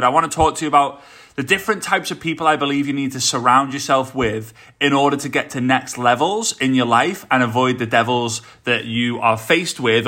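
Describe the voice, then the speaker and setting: Upbeat Scouse man hosting a podcast. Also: medium pitch. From England. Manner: energetic, motivational, direct address to listeners. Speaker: podcast host. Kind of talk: solo podcast talk.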